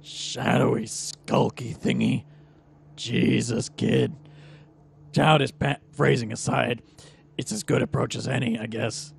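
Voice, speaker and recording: A man voicing a gruff, streetwise male vampire fixer with a gravelly, sarcastic voice. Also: mid-range voice, steady tone, slow, slight background noise. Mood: exasperated. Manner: sarcastic, world-weary. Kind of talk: voicing a character in a game playthrough.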